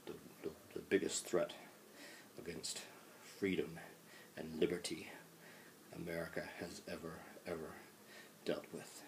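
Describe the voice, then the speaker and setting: A man's voice: low-pitched, level tone, unhurried, gravelly, long pauses, slight background noise. A male professor voicing a George Washington figure in a playful, mock-solemn classroom bit.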